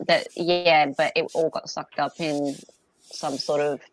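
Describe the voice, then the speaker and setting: A woman's voice: low-pitched, steady tone, unhurried, slight background noise. Hesitant woman hosting a live stream. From Australia. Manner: hesitant, many fillers and restarts. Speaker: host of a live legal commentary stream. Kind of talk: casual live-stream chat.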